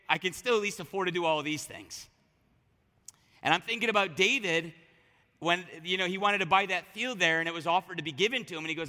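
A pastor delivers a sermon in a high-sitting voice, conversational and animated, often restarting his sentences. A long reverb tail trails after his words.

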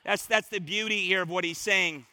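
A pastor delivers a sermon in a strikingly high, bright man's voice. He hammers his points with repetition and jumps between loud emphatic bursts and quiet asides. The sound is dry and close, with no room around it. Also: steady tone, normal speed, no echo. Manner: emphatic, repeats words and phrases for stress.

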